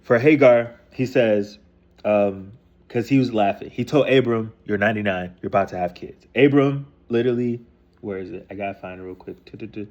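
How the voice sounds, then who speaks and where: A man's voice: fairly low pitch, moderate pace, a little mellow, lo-fi sound. A man casually retelling a scripture story in loose, profane slang, reading passages aloud and then paraphrasing them. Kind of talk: casual rambling explanation.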